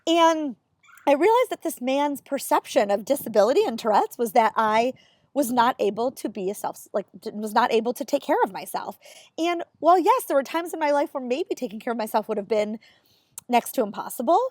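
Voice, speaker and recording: A woman's voice: a little high, lively intonation, a little fast, darkish tone, dry recording. A woman in her thirties telling stories to camera in a candid, exasperated way, acting out the lines she quotes. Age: 30s. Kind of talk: casual storytelling to camera.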